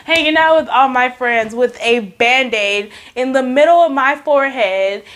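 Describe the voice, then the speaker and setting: A high-voiced woman tells a story straight to the camera in a casual vlog. She hams it up, dramatizing her own panic and disbelief with lively, animated storytelling. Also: measured pace. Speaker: vlogger telling a story.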